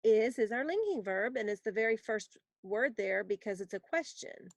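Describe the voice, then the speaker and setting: A woman teaching a recorded grammar lesson, explaining patiently and reading example sentences slowly for students to write down. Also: on the high side, lively intonation, creaky, dry recording.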